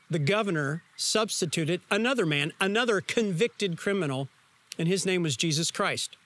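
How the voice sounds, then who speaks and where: A man preaches a sermon, telling the story with vivid emphasis. His voice sits high for a man, and he keeps turning to his listeners with questions. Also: a bit bright. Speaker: pastor.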